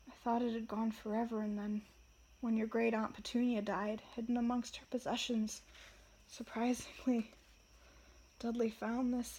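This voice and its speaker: A woman reading the lines of a weary, gentle middle-aged wizard father, quiet and hesitant. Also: on the high side.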